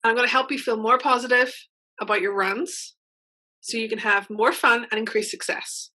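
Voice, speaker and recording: Upbeat bright-voiced woman coach. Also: fairly high pitch, fairly even intonation, moderate pace, poor audio. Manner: upbeat, chatty, frequent check-ins with listeners. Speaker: mental game coach. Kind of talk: online workshop teaching.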